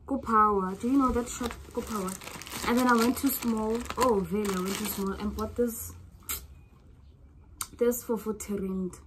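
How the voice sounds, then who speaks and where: Drawling her words slowly, a young woman with a South African accent chats with her vlog audience in a casual, gushing way. The South African vlogger's voice is on the high side and she swings between soft musing and loud excitement, with a little hiss or hum present.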